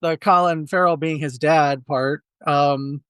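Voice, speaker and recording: A man's voice: on the high side, a little slow, smooth, dry recording. A man co-hosting a casual movie review podcast, telling stories with lots of restarts and acting out quotes. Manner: animated storyteller, acts out quotes. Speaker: podcast co-host.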